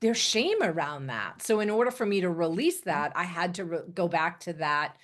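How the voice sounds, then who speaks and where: A woman hosting a casual interview chat, a bit raspy today, laughing often and tagging her points with "right?". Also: lowish voice, lively intonation, moderate pace, a bit bright. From Italian family background. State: raspy throat. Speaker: podcast host and coach.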